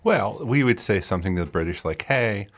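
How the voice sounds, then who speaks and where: A man playing a low-voiced, offhand mock independence leader. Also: animated, brisk. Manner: laid-back, offhand, rambling. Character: deadpan mock version of an Indian independence leader. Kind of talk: improv comedy interview.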